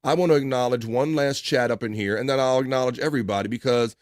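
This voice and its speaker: A man hosting a loose, casual livestream, reading out chat messages and riffing on them with plenty of ums and uhs. His voice sits at an ordinary mid pitch. The sound is dry and close, with no room echo. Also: fast. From East Coast of the US. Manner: rambling, reads chat messages aloud with filler words. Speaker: live stream host reading chat.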